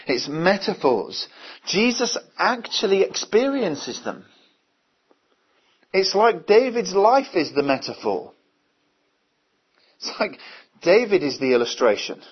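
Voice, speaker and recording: Husky-voiced man preaching. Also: high-pitched, very animated, slow, pauses often. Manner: earnest, asks many rhetorical questions. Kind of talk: sermon. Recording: dull, lo-fi recording.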